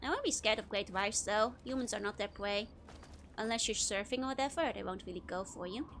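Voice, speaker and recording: A woman streamer talks casually over her game. Her voice sits a little high. She rambles chattily from one bit of trivia to the next and giggles often. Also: a bit bright. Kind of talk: casual live-stream commentary.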